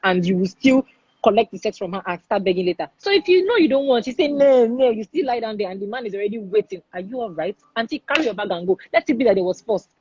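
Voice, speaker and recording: A woman's voice: on the high side, lively intonation, quick pace, darkish tone, muffled recording, a little hiss or hum. A woman with a Nigerian accent hosting a podcast, speaking forthrightly and with emphasis. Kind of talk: candid podcast discussion.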